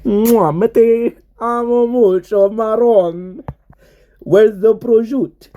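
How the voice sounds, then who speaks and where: A man voicing a loud, hammy caricature of an Italian man with an exaggerated put-on accent. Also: sits high, steady tone, slow, narrow, tinny audio, pitched above the performer's own voice. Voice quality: over-the-top put-on mock-Italian accent.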